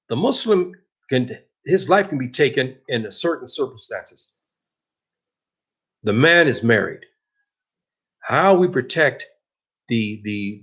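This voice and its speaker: A man's voice: mid-range voice, husky. A man teaching a religious lesson in an impassioned, emphatic preaching manner. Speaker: Islamic teacher.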